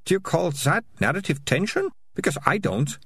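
A man voicing a bossy, sharp-tongued young girl who lectures scornfully, in a storybook reading. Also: on the high side, sing-song, husky, no echo, studio quality, pitched above the performer's own voice, heavily acted. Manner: lecturing, scornful, rapid-fire.

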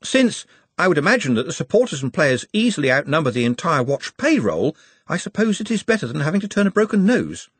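A man plays a fussy young wizard clerk who sounds anxious and apologetic. He speaks high and hesitantly, with a husky edge to his voice, and weighs every word with precise care. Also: big pitch swings, a little fast, dry recording.

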